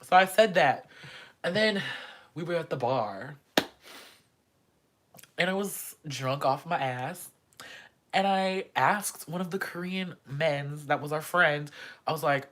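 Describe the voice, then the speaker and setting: Animated young woman telling crude stories. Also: low-pitched, normal speed, pauses often. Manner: animated, dramatic, crude and joking. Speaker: vlogger. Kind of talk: casual storytime monologue.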